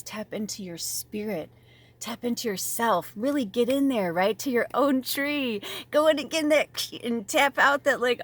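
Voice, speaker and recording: A woman giving a casual spiritual tarot reading, chatty and animated, swearing freely and dropping at times to a soft near-whisper. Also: medium pitch. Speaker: tarot reader and medium.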